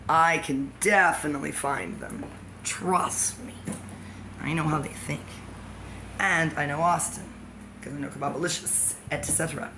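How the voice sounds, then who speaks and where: A woman's voice: deep voice, fairly even intonation, measured pace. A woman in a rambling vlog monologue, free-associating and jumping from thought to thought, often laughing as she talks. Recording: background noise.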